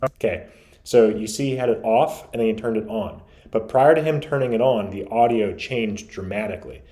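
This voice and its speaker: A man's voice: lowish voice, normal speed, dark tone. A man reviewing radio gear, giving an analytical, emphatic explanation as host. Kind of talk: explanatory commentary.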